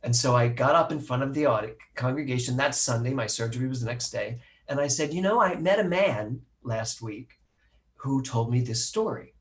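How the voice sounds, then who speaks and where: A middle-aged male minister recounts a personal story to his listeners in an animated, self-mocking way. He acts out other people's lines and laughs at his own jokes, with a voice of middle pitch. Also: moderate pace. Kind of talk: personal storytelling to a live audience.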